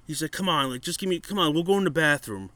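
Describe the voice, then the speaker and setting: A man telling a bar story in casual chat, profane and animated, acting out what people said. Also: a little high, fast talker, dry recording.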